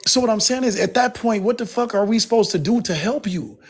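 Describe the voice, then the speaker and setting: High-pitched tipsy man ranting profanely. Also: animated, fairly quick, breathy edge. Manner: profane, emphatic, rambling. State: has been drinking. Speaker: guest on a live stream panel. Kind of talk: heated casual rant.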